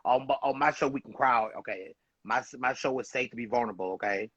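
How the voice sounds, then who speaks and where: A man's voice: medium pitch, fairly quick, a bit bright, breathy edge, dry recording. A man hosting a casual interview show, effusive and encouraging toward his guest. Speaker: host. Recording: dull muffled dry sound.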